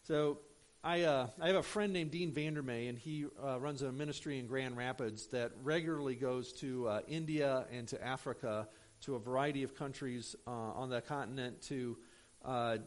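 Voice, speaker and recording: A man's voice: mid-range voice, steady tone, normal speed. A man preaching a sermon in a conversational, storytelling way, with frequent fillers and asides to the congregation. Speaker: pastor.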